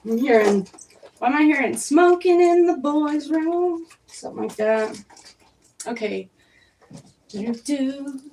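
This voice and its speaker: A woman's voice: high voice, expressive, unhurried, a little hiss or hum. Chatty woman doing a live tarot reading. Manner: chatty, rambling, reads the cards out loud to viewers. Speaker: tarot reader on a live stream.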